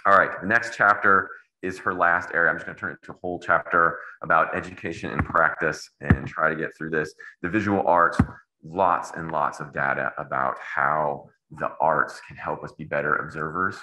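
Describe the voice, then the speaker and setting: Very deep-voiced man lecturing, wry. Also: fairly even intonation, normal speed, bright, forceful tone, roomy sound, poor audio. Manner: casual, digressive, wry asides. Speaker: anesthesiologist giving grand rounds.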